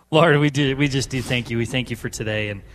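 In a church sanctuary, a man prays aloud for the congregation, earnest and repetitive in his simple phrases. His voice is mid-range and a bit bright, and the recording has a little hiss or hum.

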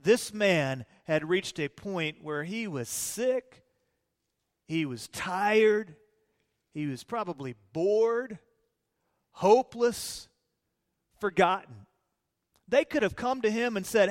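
A male pastor preaching a sermon in a church, animated, swinging between loud emphasis and quiet low lines. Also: slow, long pauses. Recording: long hall reverb.

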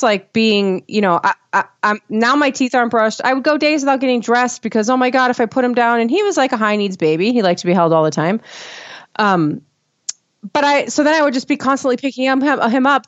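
A woman's voice: fairly high pitch, no echo. Chatty mother, dull dry recording. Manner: animated, rambling, many fillers and restarts. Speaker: mother of two sharing parenting experience. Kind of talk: casual podcast conversation.

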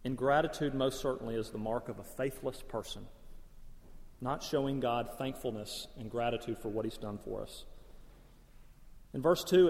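Preaching man in an echoing hall. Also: mid-range voice. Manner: earnest, questioning, rising emphasis. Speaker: pastor. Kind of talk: sermon. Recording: long hall reverb.

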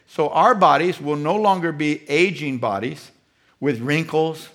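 A man's voice: on the high side, measured pace, fairly bright tone. A man preaching a sermon as pastor, emphatic and rhetorical with a preachy cadence.

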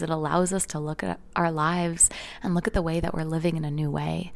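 A woman coach telling personal stories in an earnest, reflective way, sometimes dropping into soft whispers. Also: fairly low pitch, gravelly. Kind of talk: reflective personal storytelling talk.

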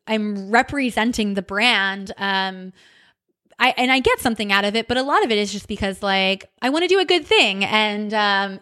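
A woman hosting a podcast, telling a personal story in a candid, animated way, with many fillers and some swearing. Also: medium pitch. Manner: seen on camera holding crystal wands. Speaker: podcast host. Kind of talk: personal reflective monologue.

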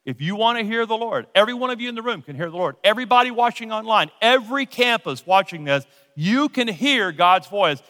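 A man preaching as a guest pastor, earnest, slowing his words down to lead a prayer. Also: sits high, animated, pushed and bright. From United States. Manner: earnest, slows down for emphasis in prayer. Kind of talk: sermon. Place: large church auditorium. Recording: long hall reverb from a church sanctuary.

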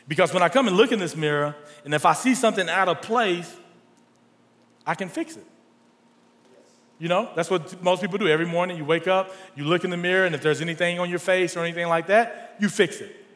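High, bright preacher in a ringing hall. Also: male voice, fairly quick. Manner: animated, rising to near shouts in stories. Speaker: pastor. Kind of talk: sermon. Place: large church hall. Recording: long hall reverb.

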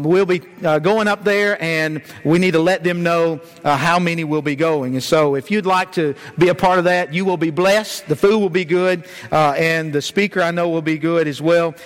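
A man from Georgia preaches a sermon in a church sanctuary, telling it folksy and story-style with many "uh" fillers. His voice sits high with a fairly bright tone, and long church reverb fills the recording.

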